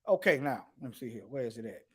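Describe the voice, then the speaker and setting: A man's voice: mid-range voice, sing-song, fast, a little mellow, slightly rough. A man teaching the Bible in an emphatic preaching style, reading scripture aloud and addressing his listeners directly. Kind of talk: preaching to an online audience.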